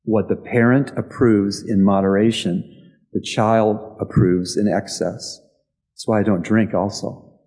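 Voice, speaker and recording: A man, the church's pastor, answering his congregation's questions in a conversational storytelling sermon with frequent pauses. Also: lowish voice, fairly even intonation, mellow.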